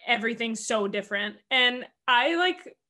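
Bright-voiced chatty American woman. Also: fairly high pitch, animated. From United States. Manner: chatty, fast, many "like" fillers. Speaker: interviewer and teammate. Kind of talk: casual conversation.

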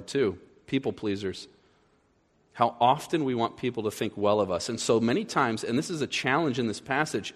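A man preaching a sermon as pastor, animated, acting out little scenes in other voices as he goes. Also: medium pitch. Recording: echoey hall with long reverb.

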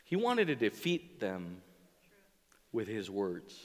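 Animated preacher in a reverberant hall. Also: male voice, lowish voice, takes it slowly. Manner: animated preaching, acts out quoted voices. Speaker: pastor. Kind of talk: sermon. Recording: long reverb of a large hall.

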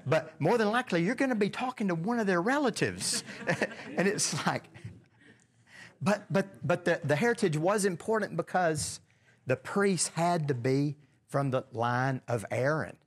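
A man's voice: on the high side, animated, a little slow. Male Bible study leader, conversational, questions the group, frequent restarts. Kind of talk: casual Bible study discussion.

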